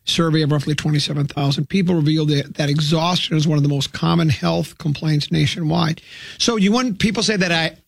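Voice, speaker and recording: A man's voice: on the high side, fairly quick, vocal fry, no room sound. A man hosting a radio talk show, reading health news aloud and breaking off for jokes. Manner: wisecracking, reads news items aloud with asides. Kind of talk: jokey morning show banter.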